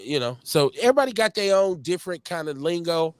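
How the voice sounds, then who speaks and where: A man in his forties from Milwaukee with a Milwaukee accent, hosting a live show in casual, slangy chat full of shout-outs and stories. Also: on the high side, fast talker, no room sound. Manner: animated storytelling, slangy, lots of shout-outs. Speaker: host.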